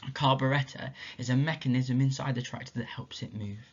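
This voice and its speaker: Man teacher telling a story to schoolchildren, expressive, lo-fi muffled recording. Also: medium pitch, fairly quick. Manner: expressive, asks the children questions.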